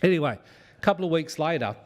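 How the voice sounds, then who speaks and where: A man's voice: a little high, animated, brisk. Laid-back Australian man telling a story. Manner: self-deprecating storyteller, laid-back and chatty. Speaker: speaker at a union event. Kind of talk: anecdotal speech.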